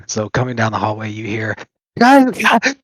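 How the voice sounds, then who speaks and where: A man's voice: on the low side, little pitch movement, normal speed, a bit bright, no echo. A man narrating as game master of a tabletop game, describing scenes loosely with fillers and chuckles. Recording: dull lo-fi dry mic.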